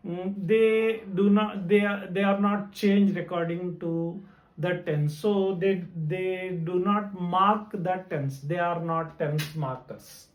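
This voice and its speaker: A man with a Telugu accent teaching English grammar, pausing often and repeating each example sentence. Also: high voice, steady tone, roomy sound, poor audio. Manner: slow and deliberate, many hesitations, repeats example sentences. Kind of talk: grammar lesson.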